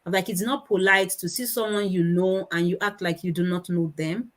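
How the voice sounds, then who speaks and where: A woman with a Nigerian accent, in her thirties, talks fairly quickly in a lowish voice during a conference presentation on kids' speech. She performs her children's voices in lively anecdotes, though the audio is poor.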